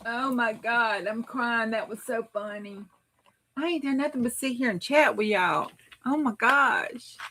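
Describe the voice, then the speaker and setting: A woman's voice: a little high, a little slow, pushed and bright. A middle-aged woman hosting a craft livestream, chatting casually with her viewers and laughing often. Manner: chatty, laughs often, talks back to chat.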